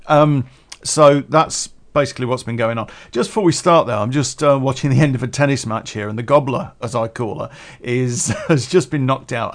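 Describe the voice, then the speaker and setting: A man hosting a solo podcast, rambling in casual chat, chuckling often and swearing freely. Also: mid-range voice. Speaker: podcast host.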